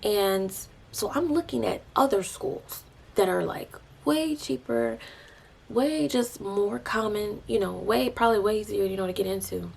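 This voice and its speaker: A young woman telling a personal faith testimony, emotional and animated, dropping into breathy hushed asides. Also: medium pitch, a little slow, a little hiss or hum. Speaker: vlogger sharing a faith testimony.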